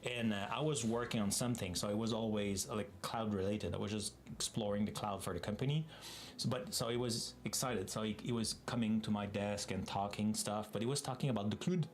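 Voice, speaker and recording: A man's voice: on the low side, steady tone, slight background noise. Chatty French Canadian man streaming. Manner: rambling, chatty, quick asides. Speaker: live-coding streamer. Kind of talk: casual live-stream chat.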